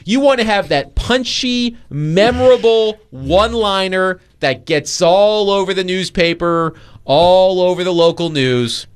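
A man hosting a sports talk show, animated and mock-incredulous in casual chat. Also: sits high, unhurried, smooth. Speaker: sports radio host.

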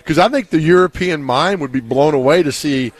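Guy co-hosting a talk radio show, kinda high voice, jokes around a lot. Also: fairly quick, no room sound. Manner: joking, emphatic storyteller. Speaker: radio host. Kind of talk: casual sports radio chat.

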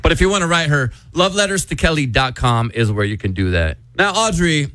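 A man hosting a morning radio show, joking and quick. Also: fairly high pitch, very animated, a bit bright, dry recording. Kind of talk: casual chat.

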